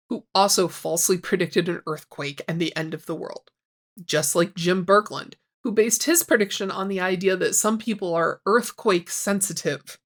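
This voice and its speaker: A woman in her forties hosting a scripted book critique, wry and sarcastic, getting worked up as she talks. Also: medium pitch. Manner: sarcastic, wry, gets heated. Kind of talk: scripted commentary with read excerpts.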